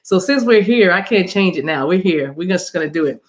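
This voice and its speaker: A woman's voice: on the low side, animated, brisk. A woman hosting a spiritual reading livestream on her phone, chatting casually with viewers, laughing, and calling them y'all. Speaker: spiritual reader and channel host.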